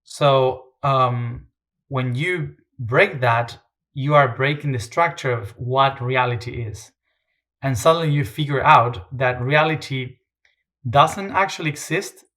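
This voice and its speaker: A man's voice: mid-range voice, slow, fairly bright tone. Male guest, medium voice, reflective and hesitant, frequent "um"s. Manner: hesitant, many fillers and restarts. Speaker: interview guest. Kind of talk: reflective interview talk.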